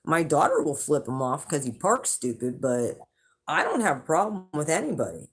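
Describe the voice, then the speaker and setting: A woman's voice: sits low, big pitch swings, moderate pace, breathy edge. A woman telling a casual, rambling story straight to her viewers, swearing and chuckling as she goes. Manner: chatty and rambling, with swearing and laughter. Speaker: channel host, intuitive reader.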